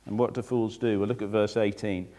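A man preaching through a Bible passage, conversational and animated, acting out the verses with asides to his listeners. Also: fairly low pitch, a little fast. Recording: long reverb of a large hall.

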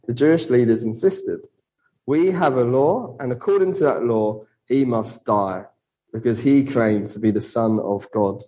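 A man preaching a sermon and reading a Bible passage, earnest, with rhetorical questions and slowing down for emphasis. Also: medium pitch, mellow, low-quality recording.

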